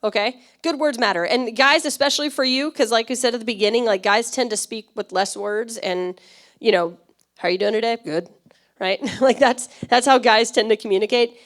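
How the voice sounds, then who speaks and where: A woman pastor giving a conversational sermon, chatty and quick to laugh, often checking in with her listeners. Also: fairly high pitch, a bit bright. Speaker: church pastor.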